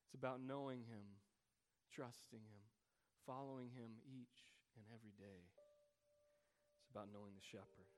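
A man's voice: medium pitch, fairly even intonation, moderate pace, slight background noise. A man preaching a sermon to a congregation, a pastor telling a story in an earnest, heartfelt way. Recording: long reverb of a large hall.

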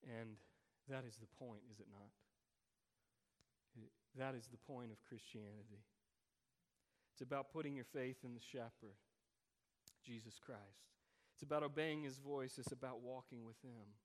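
A man's voice: medium pitch, steady tone, a little slow. A man preaching a sermon to a congregation, a pastor telling a story in an earnest, heartfelt way. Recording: long reverb of a large hall.

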